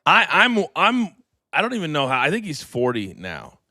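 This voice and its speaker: Bright, energetic male talk-show host. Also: on the high side, no room sound, studio quality. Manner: energetic, fast promo-style delivery. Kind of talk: live wrestling talk show. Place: studio.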